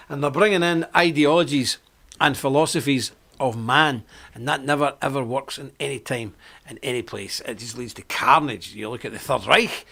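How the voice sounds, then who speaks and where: A man's voice: a little high, creaky, fairly bright tone. A man hosting a live online report, delivering a combative, preachy monologue and repeating his points for emphasis.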